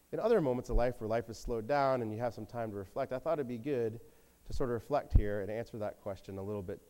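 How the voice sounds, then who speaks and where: Male pastor, thirties, relaxed conversational sermon, animated storyteller. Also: mid-range voice. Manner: conversational storytelling, acts out quoted voices.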